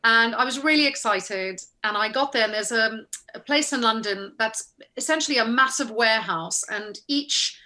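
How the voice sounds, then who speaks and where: A woman actress telling an anecdote in an interview, animated and acting out the people she quotes. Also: a little high, normal speed.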